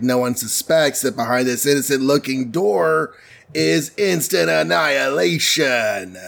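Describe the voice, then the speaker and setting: A man casually recapping a comic book story on a podcast, playfully acting out the characters' lines. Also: medium pitch. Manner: playful, acts out characters in quick voices.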